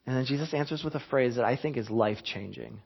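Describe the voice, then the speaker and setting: A man's voice: medium pitch, fast, gravelly, breathy edge, dull audio. A man in his thirties, a pastor giving a conversational sermon with chuckles and frequent restarts.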